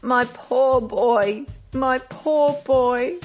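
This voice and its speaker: A woman's voice: lowish voice, a little slow, vocal fry, mellow, faint music behind. A woman reading the lines of an old, devoted servant woman in an audiobook, tender and pleading.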